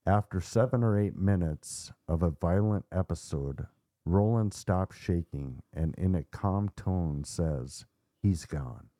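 A man hosting a podcast, retelling a story in a measured, dramatic way. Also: low-pitched, mellow, no echo, studio quality. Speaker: podcast host.

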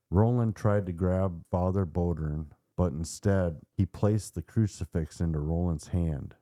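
Deep, dark-voiced male podcast host. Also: dry recording, clean studio sound. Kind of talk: storytelling podcast narration.

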